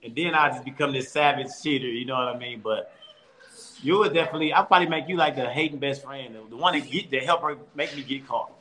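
A quick, bright-voiced man tells stories from home over a call. He is animated and laughs often, and he tumbles through quick restarts in loose interview chat. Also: mid-range voice. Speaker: comedian guest. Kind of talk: casual storytelling interview.

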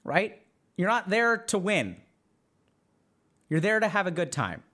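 A man's voice: high-pitched, sing-song, measured pace, sharp tone. A man hosting a podcast, giving casual advice to a live chat, acting out imagined inner voices and often asking "right?". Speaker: podcast host, psychiatrist.

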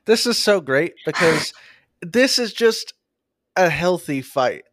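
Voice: medium pitch, lively intonation, slow, no room sound, studio quality. A podcast guest chatting enthusiastically about a book. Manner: enthusiastic, fan-like. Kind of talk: casual book-club chat.

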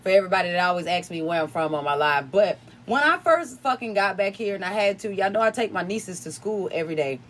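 Quick and barely pausing, this woman speaks in a medium-pitched, somewhat bright voice with lively intonation. Though from upstate New York, she has a slight Southern country twang, and on her podcast she mixes casual spiritual talk with preaching, repeated phrases and plenty of swearing.

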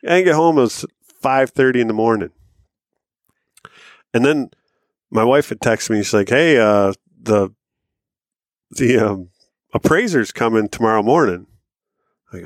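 A man's voice: lowish voice, moderate pace, long pauses, dry recording, clean studio sound. A man in his thirties, a podcast co-host telling a rambling, profane hunting-and-fishing story with laughs along the way. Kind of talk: casual storytelling.

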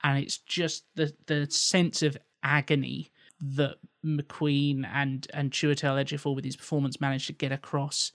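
A man's voice: medium pitch, completely flat delivery, normal speed, hardly any pauses, fairly bright tone, dry recording, studio quality. A man co-hosting a film podcast, speaking earnestly in casual chat and often restarting his words. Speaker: podcast co-host.

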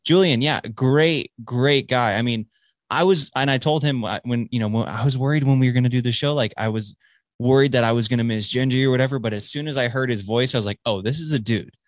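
A man's voice: medium pitch, quick pace, dry recording. A man hosting a show, talking casually in a rambling way with lots of swearing and restarts, recorded close on a dry mic. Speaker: podcast host. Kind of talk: casual chat.

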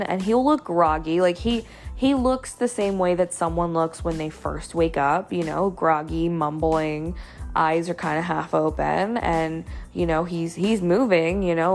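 A young woman tells a personal story in loose, casual talk, leaning on "like" and "you know". Her voice sits low with a gravelly fry, and faint music plays underneath. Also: fairly even intonation, takes it slowly. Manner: chatty, many fillers like "you know" and "like". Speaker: storyteller sharing a dating story.

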